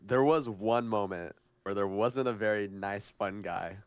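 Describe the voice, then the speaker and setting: A man's voice: lowish voice, measured pace, dry recording. A man co-hosting a podcast, chatting casually in a wry, matter-of-fact way. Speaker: podcast co-host. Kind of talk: casual chat.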